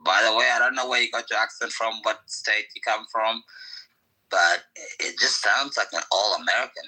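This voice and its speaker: Rough-voiced man rambling in chat. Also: medium pitch, moderate pace, bright, forceful tone, low-quality recording. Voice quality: rough, damaged voice from a childhood injury. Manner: rambling, profane, full of like and you know. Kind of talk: casual chat in an online audio room.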